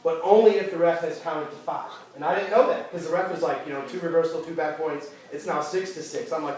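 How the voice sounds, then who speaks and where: A man, a youth wrestling coach, retelling a season's matches to his team in an animated way, full of fillers and restarts. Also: fairly high pitch, a little fast, few pauses. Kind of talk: end-of-season speech to a team. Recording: roomy hall, voice from far off, crowd noise.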